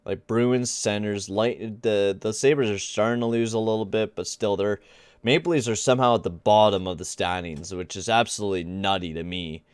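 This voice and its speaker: A man's voice: fairly low pitch, steady tone, moderate pace, clean tone, no echo. Exasperated young man ranting over a game. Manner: exasperated, rambling, slangy. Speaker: gaming channel host. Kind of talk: casual gameplay commentary.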